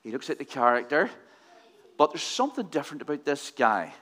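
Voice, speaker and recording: Fairly high-pitched and sing-song, with a sharp tone and a fairly quick pace, a man gives a playful children's address at church, firing questions at the children.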